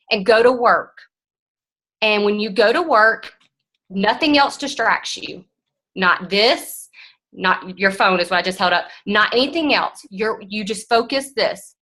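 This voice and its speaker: Bright-voiced frank woman. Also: on the high side, rough recording. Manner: frank, animated, direct. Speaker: guest speaker. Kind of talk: motivational team talk.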